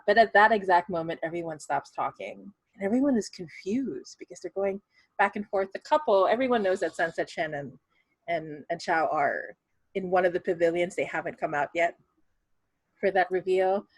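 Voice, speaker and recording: Chatty woman game master, husky. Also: fairly low pitch, lively intonation, normal speed, dry recording. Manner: chatty, many fillers and restarts, laughs. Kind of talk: narrating a tabletop game.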